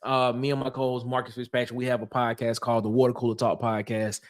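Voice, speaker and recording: A man's voice: mid-range voice, flat delivery, fast. A man, guesting on a casual sports podcast, laid-back and full of fillers and "y'all".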